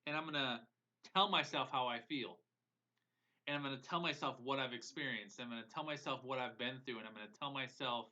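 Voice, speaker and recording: Earnest bright-voiced male coach, lo-fi. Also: medium pitch. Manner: earnest and emotional, repeats phrases for emphasis. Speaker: business coach. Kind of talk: live-streamed motivational coaching. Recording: dull lo-fi audio.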